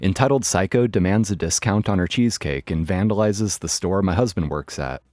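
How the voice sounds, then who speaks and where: A man's voice: sits low, a little fast, a little mellow, no echo. A man narrating online stories in a wry, matter-of-fact scripted style. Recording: dry studio voice with faint music. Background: faint background music.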